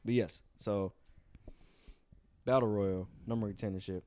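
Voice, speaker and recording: A man co-hosting a casual wrestling podcast, jokey and animated, often stammering and restarting his sentences. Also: fairly low pitch, normal speed, slight background noise. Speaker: podcast co-host.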